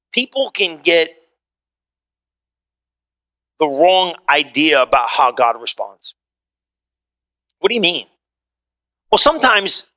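A man preaching a sermon to a congregation in a conversational, animated way, swinging widely in pitch and pace. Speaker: pastor. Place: church hall before a congregation.

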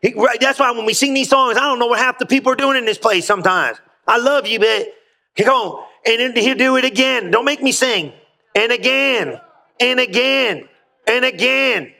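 A pastor preaching an emphatic sermon in a church, calling out to the congregation for responses. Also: male voice, very high voice, normal speed, bright, forceful tone.

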